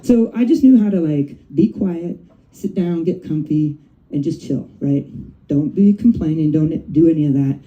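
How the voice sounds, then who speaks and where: A woman's voice: sits low, moderate pace, phone-quality sound. A middle-aged woman doing her first stand-up comedy set, chatty and profane, often tagging lines with "right?" and "you know". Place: comedy club stage. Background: audience laughing and cheering.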